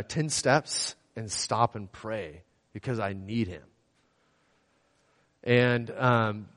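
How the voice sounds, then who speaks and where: A young man sharing a casual personal faith testimony, rambling and storytelling with many fillers. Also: mid-range voice. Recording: long hall reverb.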